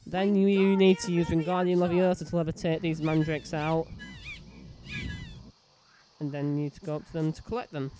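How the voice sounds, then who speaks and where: A man's voice: fairly high pitch, flat delivery, normal speed, pauses often, background noise. Rambling man narrating gameplay. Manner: rambling, full of fillers and "so yeah". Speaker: let's play host. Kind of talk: casual gameplay commentary.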